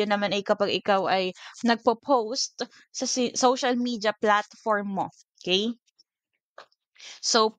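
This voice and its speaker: Filipino woman teacher, mid-pitched, dry close recording, patient lecture delivery with frequent check-ins. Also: unhurried, fairly bright tone, clean tone, no room sound. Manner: code-switching, frequent "okay?" checks.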